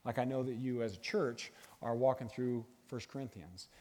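A middle-aged man giving a guest sermon in a church, animated and jokey, talking to a live audience. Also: mid-range voice, moderate pace. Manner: animated, jokey, bursts into sung movie lines. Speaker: guest speaker. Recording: long hall reverb.

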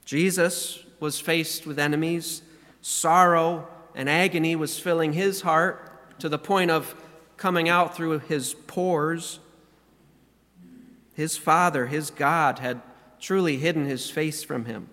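A man's voice: on the high side, steady tone, takes it slowly, pushed and bright, in a large hall. A man preaching a sermon as pastor, earnest and emphatic, reading scripture aloud and stressing key words. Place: church sanctuary.

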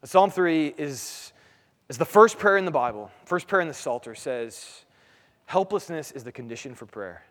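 A man's voice: fairly high pitch, expressive, moderate pace, fairly bright tone, long reverb tail. A man in his thirties, a pastor, preaching a sermon in a conversational way, full of rhetorical questions.

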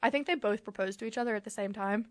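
A woman's voice: medium pitch, very fast, no echo, clean studio sound. A young woman co-hosting a podcast, telling stories in a rambling, giggly casual chat. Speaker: podcast co-host.

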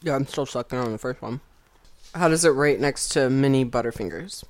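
A man co-hosting a casual chat, questioning a snack in a wry, deadpan way. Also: mid-range voice, a little fast, no room sound. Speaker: podcast co-host.

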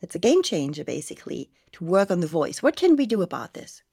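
A woman's voice: lowish voice, big pitch swings, fairly quick, creaky, mellow, breathy edge. A woman hosting a podcast interview, asking earnest, thoughtful questions in slightly non-native phrasing. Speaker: podcast host.

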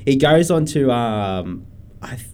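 A man's voice: medium pitch, expressive, slow, darkish tone, a little hiss or hum. A man chatting casually on a podcast, rambling with lots of fillers. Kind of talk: casual chat.

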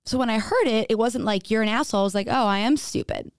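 A woman's voice: on the high side, fast, smooth, no room sound, studio quality. A woman telling her own story on a podcast, frank and casual, swearing freely and saying "like" often. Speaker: podcast speaker. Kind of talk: candid personal storytelling.

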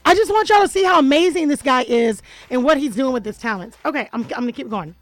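A woman's voice: high-pitched, fast, no room sound, faint music behind, poor audio. A woman hosting a radio show in a studio, chatting casually and playfully, joking and laughing often.

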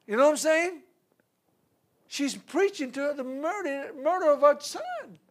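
High-voiced man preaching a lively sermon. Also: measured pace. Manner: animated storytelling with laughs and repetitions.

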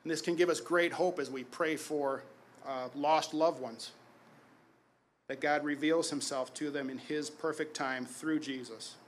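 A pastor in his forties preaches to his congregation with a voice that sits a little higher than most men's. He pushes phrases out loudly, then sinks to a low, quiet hush to land a point, with strong emphatic delivery. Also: steady tone, a little slow, a little hiss or hum. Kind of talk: sermon.

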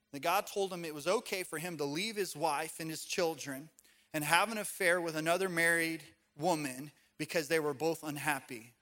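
Male pastor, sermon delivery, chatty storyteller, slightly high voice. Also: a bit bright. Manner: conversational, storytelling with casual fillers.

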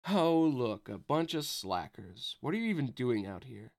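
A man's voice: medium pitch, sing-song, normal speed, a little mellow. A man voicing a cocky teenage boy rival with a mocking, swaggering manner. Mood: taunting. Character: cocky teenage male rival, teasing bully.

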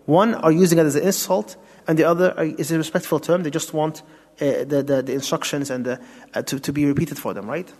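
This Islamic teacher's voice is on the high side and a little mellow, with a steady tone and a fairly quick delivery. He explains a Quran tafsir lesson step by step, mixing in Arabic terms and rhetorical questions, with long reverb from the hall.

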